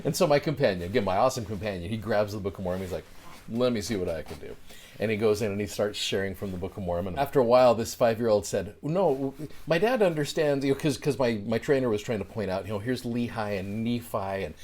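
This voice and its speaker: A middle-aged man tells a personal story as a show host, casual and animated, his fillers tumbling in as he goes. His voice sits a little low for a man. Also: fast talker. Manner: chatty, animated, many fillers. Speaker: podcast host.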